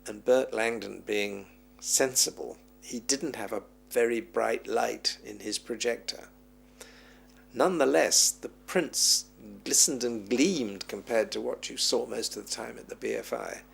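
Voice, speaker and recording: Gravelly-voiced Englishman telling old stories. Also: medium pitch. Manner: animated storyteller who acts out quoted voices. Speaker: film historian interviewee. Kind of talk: reminiscing interview answers.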